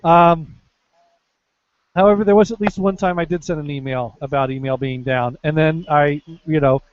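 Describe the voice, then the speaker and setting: A man's voice: moderate pace, a little hiss or hum. A man with an East Coast American accent co-hosting a casual podcast, reading odd news stories with dry, sarcastic asides. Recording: dull, low-fidelity podcast audio.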